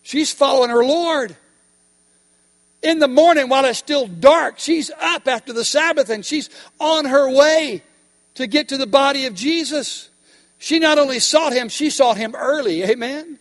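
High-voiced man preaching in a reverberant hall. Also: normal speed, fairly bright tone. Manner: emphatic preaching with call-and-response questions. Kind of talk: sermon.

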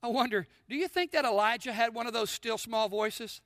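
A man preaching a sermon with a high, sharp, bright tone. He throws questions at the congregation and drops from forceful emphasis to near-whispers. The sound is close and dry. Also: fairly quick, gravelly, no echo. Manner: addresses congregation with call-and-response questions; swings between loud emphasis and soft near-whispers. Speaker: pastor. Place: church sanctuary.

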